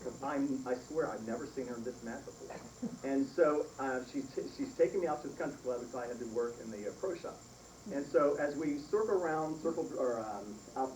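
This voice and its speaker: A middle-aged man giving a eulogy for his mother, telling a funny family story with lots of laughter. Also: medium pitch. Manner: animated storytelling with frequent laughs. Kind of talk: humorous storytelling at a funeral. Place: funeral service hall. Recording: echoey room from far off, noisy.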